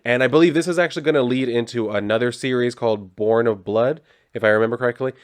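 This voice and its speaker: A man's voice: medium pitch, quick pace. A man casually reviewing comic books, swearing often as he talks.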